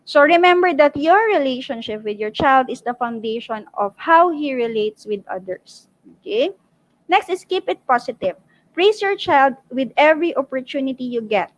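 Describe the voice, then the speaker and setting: Filipino woman, parenting seminar speaker, higher voice, dry close sound, keeps checking in with the audience. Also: animated, normal speed, no echo, poor audio. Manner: frequent "okay?" check-ins, switching into Tagalog. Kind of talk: online parenting talk.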